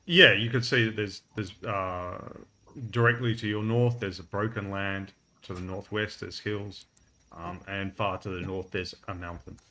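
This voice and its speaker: Low, bright-toned man running a tabletop game. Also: unhurried, a little hiss or hum. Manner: relaxed, laughs often, fillers while describing. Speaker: game master.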